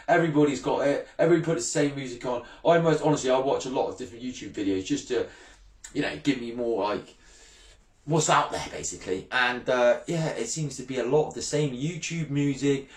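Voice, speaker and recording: A brash man in his thirties who runs a fishing channel rants bluntly in a casual vlog, swearing freely and often laughing. His mid-range voice is a little fast, and the recording is reverberant.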